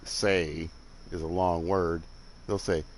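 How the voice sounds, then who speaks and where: A man's voice: sits low, level tone, takes it slowly, background noise. An older man from Alabama with a Southern accent touched by the Midwest, chatting casually and rambling while he plays a game. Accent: Southern US with some Midwestern. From Alabama, southern United States. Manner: rambling, laid-back, chuckling, drifts off while building. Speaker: game streamer. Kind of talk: casual chat while playing.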